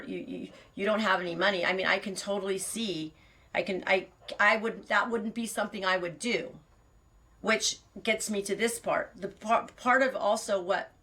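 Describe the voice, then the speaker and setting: A woman's voice: mid-range voice, vocal fry, fairly bright tone. A middle-aged woman hosting a show, talking candidly in a rambling confessional monologue, often restarting mid-sentence. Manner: rambling, self-interrupting and candid. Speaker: podcast host.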